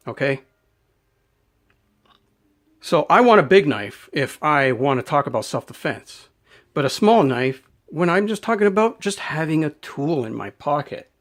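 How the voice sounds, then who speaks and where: Ranting knife vlogger, man, slightly high voice, emphatic and repetitive. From Canada. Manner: emphatic, rambling, repeats words. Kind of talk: unscripted rant to camera.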